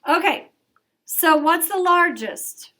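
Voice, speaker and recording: A middle-aged woman teaching a math lesson to her class, brisk and coaxing, asking questions as she goes. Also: very high-pitched, expressive, bright, forceful tone. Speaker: elementary school teacher.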